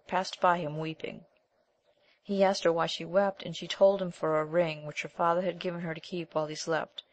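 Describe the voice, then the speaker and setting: A woman narrating an old chivalric romance as scripted audiobook narration, in a measured, even reading. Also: fairly low pitch.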